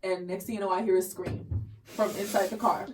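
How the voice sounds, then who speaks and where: Animated profane woman telling a story. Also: mid-range voice, brisk, far from the mic, faint music behind. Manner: animated storytelling, acts out quotes loudly, swears freely. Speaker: podcast co-host. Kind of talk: casual chat.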